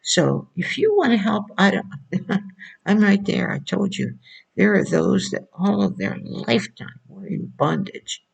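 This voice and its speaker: A woman's voice: medium pitch, very animated, unhurried, gravelly, breathy edge, poor audio. A woman preaching informally to a video audience, insistent and repeating rhetorical questions.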